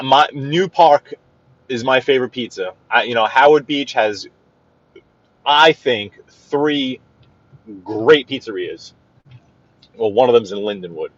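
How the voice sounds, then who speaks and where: A man's voice: lowish voice, no echo. Brooklyn man with a New York accent, live-streaming from behind the wheel, rambling and greeting viewers, dry and slightly muffled car sound. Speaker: livestream driving host. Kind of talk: casual live-stream chat while driving. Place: inside a car in city traffic.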